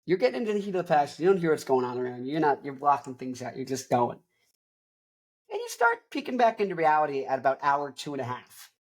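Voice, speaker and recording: A woman hosting a podcast spins a long, absurd comic tale in a lowish voice. She wanders off on tangents, corrects herself mid-thought and keeps up a loose, jokey riff. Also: sing-song, quick pace, a little mellow. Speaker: podcast host. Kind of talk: rambling comedic storytelling.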